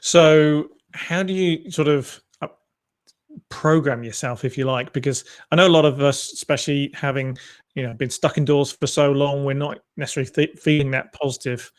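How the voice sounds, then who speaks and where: A man's voice: on the high side, fairly even intonation, normal speed. A man interviewing a guest, asking and musing in a thoughtful, hedging way. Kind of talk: conversational interview.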